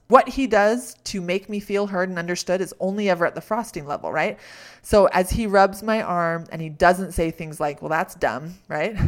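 A middle-aged woman talks through a personal story in a reflective coaching tone. She is candid and laughs at herself now and then. Her voice sits a little on the low side. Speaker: podcast host.

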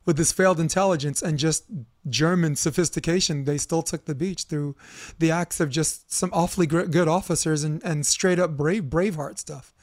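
A man's voice: a little high, moderate pace, no room sound. Chatty podcast host man, dry close sound. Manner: rambling, animated storyteller who swears freely. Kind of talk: casual chat.

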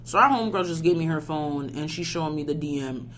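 A woman co-hosting a casual chat, teasing and pushing the others with quick, bossy questions. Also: deep voice, fairly bright tone, a little hiss or hum. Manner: bossy, teasing, fast-talking storyteller. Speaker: podcast co-host.

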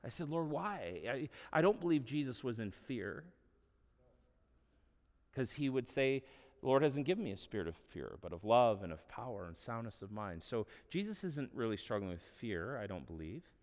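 A man's voice: medium pitch, lively intonation, moderate pace, darkish tone, big-room sound. A man preaching a sermon as a pastor, earnest and conversational, with offhand asides. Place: church hall.

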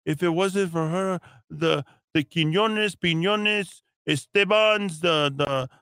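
A man putting on a halting, mock-grateful older man with a fake New Mexican Spanish-tinged accent. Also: high voice, fairly bright tone, clear, resonant tone, no echo, clean studio sound, voice pushed up, heavily acted. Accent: put-on New Mexican Spanish-tinged. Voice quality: halting, stammering, drawn out. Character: rambling grateful old man, thankful to the governor.

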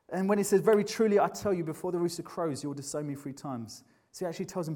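A man's voice: a little high, fast talker, darkish tone. A man preaching a sermon in a conversational, earnest way, often restarting his sentences.

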